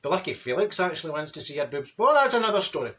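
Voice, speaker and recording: A man's voice: a little high, big pitch swings, very fast, a bit bright. A man doing a blunt Glaswegian auntie. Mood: gossipy. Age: middle-aged. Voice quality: chatty, blunt, gossipy storytelling. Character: straight-talking middle-aged Glasgow woman, gossipy and blunt. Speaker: comedy character monologue. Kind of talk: comic monologue.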